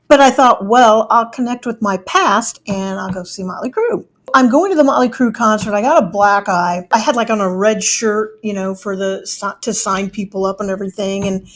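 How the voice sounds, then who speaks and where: A middle-aged woman telling a personal story in a chatty way, acting out the people she quotes. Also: mid-range voice.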